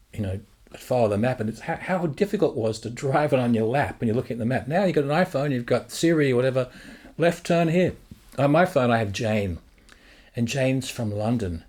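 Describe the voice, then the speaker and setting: A man teaching songwriting in a casual, rambling way, thinking out loud as he works through ideas. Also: mid-range voice, husky. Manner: rambling, thinks aloud, sings lyric drafts. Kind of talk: casual thinking-aloud lesson.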